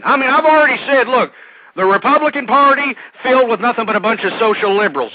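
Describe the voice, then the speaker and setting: A very high-voiced man hosts a call-in radio show, sounding animated and talking at a quick pace. His rants are combative, crude and repetitive, and the dry recording has a tinny, phone-like quality.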